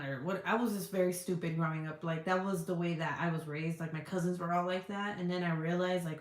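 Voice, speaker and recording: Frank, swearing woman in an echoey room. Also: lowish voice. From United States. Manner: frank and profane, quick to laugh. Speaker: vlogger answering viewer comments. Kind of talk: casual chat.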